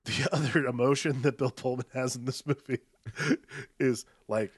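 A man's voice: medium pitch, fairly even intonation, moderate pace, breathy edge, dry recording, studio quality. A man co-hosting a casual movie podcast, rambling and laughing as he mimics actors. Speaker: podcast co-host.

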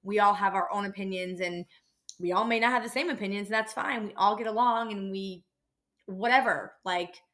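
A woman's voice: mid-range voice, moderate pace, a bit bright. A woman hosting a podcast, telling a work story in a blunt, exasperated way and swearing freely. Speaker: podcast host and dental office receptionist. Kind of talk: casual storytelling rant.

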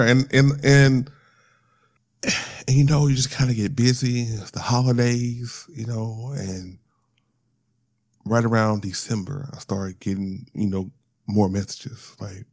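A man telling a painful personal story of loss in a halting monologue, restarting often and fighting back tears. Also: medium pitch, fairly even intonation, darkish tone, no room sound, clean studio sound.

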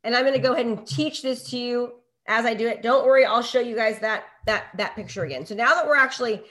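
A middle-aged woman coaching real estate agents in a live online session, energetic and full of rhetorical questions and checks of "okay?". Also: on the high side, fast.

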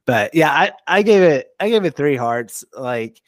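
A man's voice: on the high side, animated, a little slow, no echo, studio quality. A young adult man, a guest on a podcast, chatting casually with plenty of laughs and hesitant fillers. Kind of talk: casual chat.

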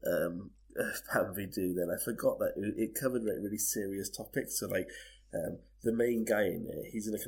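Bloke chatting on a podcast, husky gravelly voice, lots of ums. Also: male voice, fairly low pitch, a little mellow. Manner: chatty, laughs often, hesitant fillers. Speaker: podcast co-host. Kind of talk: casual chat.

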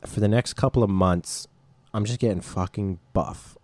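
A man's voice: lowish voice, normal speed, a little mellow, no room sound. A man chatting casually and telling a joking story, laughing often. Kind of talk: casual comedic chat.

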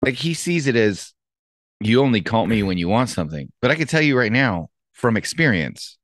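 A man in casual chat, reflective and measured, speaking from his own experience. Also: medium pitch, big pitch swings, dry recording, studio quality.

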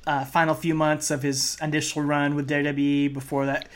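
A man's voice: on the high side, flat delivery, brisk. A man co-hosting a casual podcast, chatting about a wrestling match with fillers and easy laughs. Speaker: podcast co-host. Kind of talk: casual wrestling commentary chat.

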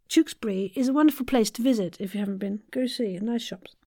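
A woman coaching voice actors, guiding warm-up exercises and tongue twisters in a playful, encouraging way. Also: medium pitch, quick pace, few pauses, dry recording, clean studio sound. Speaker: voice acting coach. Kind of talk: guided vocal warm-up.

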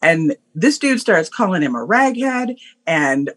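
A woman guest on a podcast, telling a personal story in an animated way, acting out voices and laughing often. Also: fairly low pitch, measured pace.

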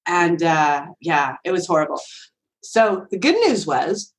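Woman guest on a podcast, lowish voice, chatty and animated, lots of "like" and "right?". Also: measured pace, poor audio. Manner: animated, acts out voices with big pitch swings; chatty, frequent fillers like "like" and "right?". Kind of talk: casual storytelling.

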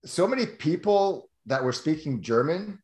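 Animated man telling stories, echoey room. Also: a little high, normal speed. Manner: animated storyteller, laughs often. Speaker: podcast co-host. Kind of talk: casual chat.

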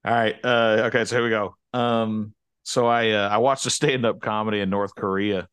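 A man's voice: fairly low pitch, steady tone, normal speed, a bit bright, smooth, no echo. A man co-hosting a casual podcast, joking around and playing innocent when teased. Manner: jokey, playfully defensive. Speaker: podcast co-host. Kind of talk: casual chat.

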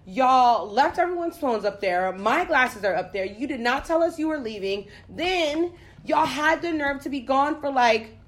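Young woman ranting thru a story, cussing, kinda high voice. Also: measured pace. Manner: profane, animated storytelling with shouted quotes. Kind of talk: casual chat, storytelling.

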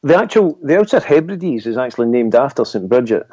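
A man recounts a trip on a casual podcast, his speech halting and rambling with small chuckles. His voice is mellow and dark, recorded dry and close on dull, lo-fi audio. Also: medium pitch, sing-song, husky, no room sound. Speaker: paranormal investigator co-host.

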